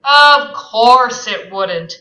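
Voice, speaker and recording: A woman reading aloud as an arrogant rich husband, loud and scornful. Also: a little high, animated, extremely slow, reverberant, distant mic, pitched above the performer's own voice, heavily acted.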